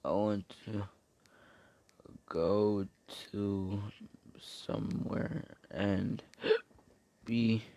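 Male podcast host, worn out and sleepy, low gravelly voice, flat mechanical delivery, very dry sound. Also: no echo. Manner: slow, flat, deliberate robot-like monotone. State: sleepy and tired. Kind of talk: casual solo podcast.

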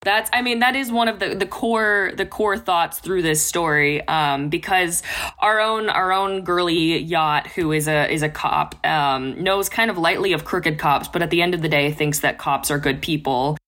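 A woman co-hosting a podcast in casual book chat, chatty and quick to laugh, often trailing off mid-thought. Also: lowish voice, a bit bright. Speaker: podcast co-host.

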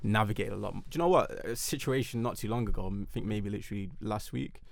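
A young man telling his story in a casual podcast chat, animated and emphatic. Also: on the low side, fast talker, gravelly, no echo. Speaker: podcast guest.

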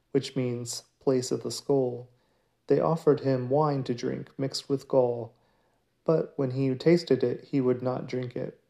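A man giving a daily scripture reading in a measured, steady way. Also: mid-range voice, vocal fry. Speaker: scripture reader.

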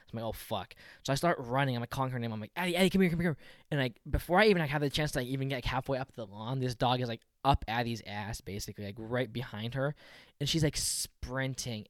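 A man's voice: medium pitch, no echo. Young man, casual storyteller, rambling, foul-mouthed, constant "like", dry close mic. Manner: rambling, says "like" constantly, swears a lot. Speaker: storyteller in a chat with friends. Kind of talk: casual chat.

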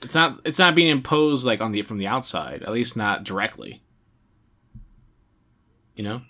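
A man co-hosting a casual chat about video games, rambling and animated, filling his talk with "like". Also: mid-range voice, normal speed. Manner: rambling, heavy use of "like", animated. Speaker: podcast co-host.

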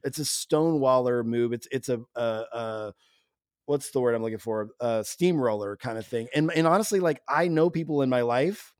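A man's voice: mid-range voice, moderate pace, darkish tone, no room sound, studio quality. A man co-hosting a film podcast, telling stories with enthusiasm and mimicking people. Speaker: podcast co-host. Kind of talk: casual film discussion.

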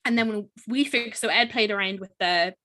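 A woman's voice: medium pitch, a little fast. A young woman with an Irish accent chatting casually, telling a long story in a chatty way with lots of "like" and fillers. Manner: chatty, animated retelling full of fillers and "like".

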